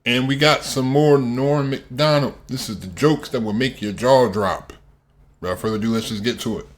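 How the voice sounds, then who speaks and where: A man's voice: medium pitch, normal speed. A man opening a reaction video with a breezy, upbeat greeting. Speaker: YouTube reaction host. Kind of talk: casual video intro.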